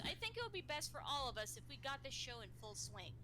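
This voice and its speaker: A woman's voice: high-pitched, sing-song, fast, pushed and bright, slight background noise. A woman reading a comic aloud on a stream, acting out the dialogue and often stumbling over words. Her throat is bothering her. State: throat irritated, clears it often. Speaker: reader voicing comic characters. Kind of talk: casual read-aloud with a friend, acting out dialogue.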